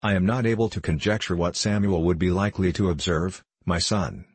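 A man's voice: low voice, fairly quick, breathy edge, dry recording. A man voicing a stern, pompous small-town deacon who speaks in stiff formal phrases.

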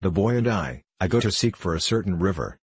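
Storybook role: a man doing a solemn elderly monk, deep and husky. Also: expressive, brisk, dry recording, exaggerated voice. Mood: serene. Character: calm, solemn old male Tibetan monk.

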